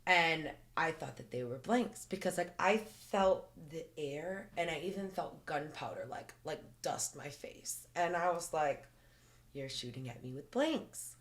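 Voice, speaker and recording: A woman's voice: low-pitched, animated, measured pace, hardly any pauses. A woman, a podcast guest, earnestly retelling a personal experience in detail, often saying "like" as she talks. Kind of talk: personal storytelling in a podcast interview.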